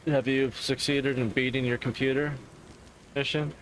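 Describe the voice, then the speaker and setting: A man streaming and chatting casually, ranting in a profane, rambling and animated way. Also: medium pitch, normal speed, slight background noise. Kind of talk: casual chat.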